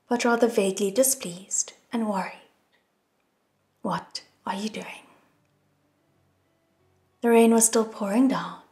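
A woman narrating an audiobook in an expressive, soft reading style. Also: mid-range voice. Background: soft music.

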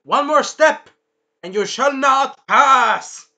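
A man doing a brooding young half-vampire swordsman, his voice pushed low and kept quiet and clipped. It comes out dismissive and short, with a crisp, forceful edge. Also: animated, unhurried. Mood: grand.

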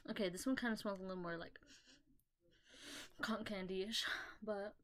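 A woman's voice: mid-range voice, fairly even intonation, normal speed, long pauses. A young woman chatting in a casual haul video, rambling with lots of fillers and the odd swear word, recorded on a laptop mic at home. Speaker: vlogger.

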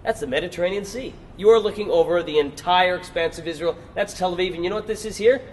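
A man's voice: high-pitched, fast talker, darkish tone, slight background noise. A man giving a persuasive workshop lecture, asking his audience rhetorical questions and repeating points for emphasis. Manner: emphatic repetition. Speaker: workshop presenter.

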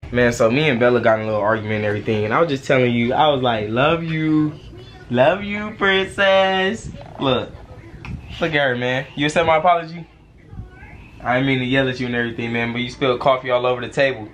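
In his home bedroom, a young man vlogs casually, playfully teasing and chatting with his toddler in slangy speech. His medium-pitched voice is brisk and a bit bright, with a little hiss or hum in the recording.

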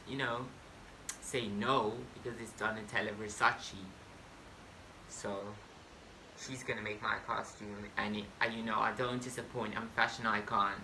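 A man telling a storytime vlog straight to camera in a slow, unhurried delivery. His voice is bright and forward, and he is excitable and boastful, with sudden loud bursts of swearing. Faint hiss sits under the recording. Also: fairly low pitch. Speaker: vlogger. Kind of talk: casual storytime monologue to camera.

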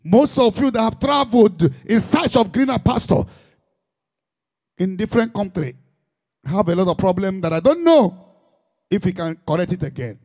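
A man's voice: sits high, very animated, moderate pace, long pauses, darkish tone. A man with a Nigerian Igbo accent, preaching a sermon as a pastor in an impassioned, emphatic style full of repetition.

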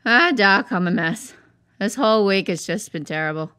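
A woman's voice: medium pitch, lively intonation, normal speed, pushed and bright, smooth, no room sound, clean studio sound. A woman voicing a gloomy, destructive male tornado in a cartoon, complaining to his therapist in a whiny, exasperated way. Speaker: therapy patient. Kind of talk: cartoon voice acting.

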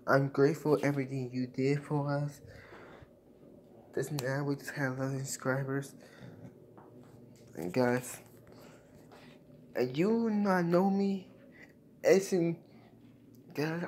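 A young man talks straight to his viewers in a casual vlog, emotional and repetitive, circling back to thank them. His pitch sits in a middle range. A faint hiss of noise runs under the recording. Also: slow pace, pauses often, darkish tone. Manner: emotional, repetitive, keeps saying "guys". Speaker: YouTuber.

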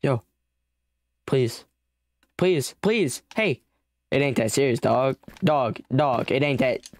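A man's voice: medium pitch, expressive, takes it slowly, dry recording. Frantic pleading young man gaming. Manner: frantic, pleading and bargaining with in-game mobs. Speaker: gamer. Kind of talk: let's play commentary.

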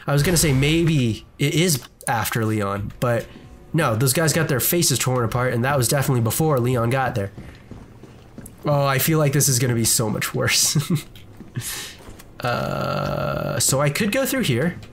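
A man's voice: mid-range voice, expressive, normal speed. A man giving casual let's-play commentary from his desk at home, jumpy and chatty, talking to the enemies on screen. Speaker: gaming video creator.

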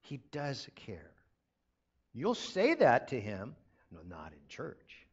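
A man's voice: mid-range voice, wildly swooping pitch, slow, husky. A middle-aged man preaching a sermon as pastor, emphatic and repeating key phrases, on a dull lo-fi recording.

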